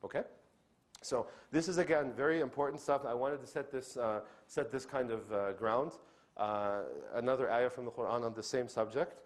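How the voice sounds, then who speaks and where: A man's voice: medium pitch, moderate pace. A man giving a religious lecture to an audience, often checking in with "okay?" and acting out the lines of the people he describes. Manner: animated, acts out quoted speech. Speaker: Islamic lecturer. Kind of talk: lecture on inviting others to Islam.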